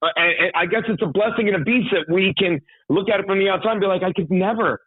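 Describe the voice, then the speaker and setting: A man's voice: high-pitched, fast, husky, no echo. A man calling in as a guest, ranting in a worked-up, profane way during casual talk show banter. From New York. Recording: tinny phone line.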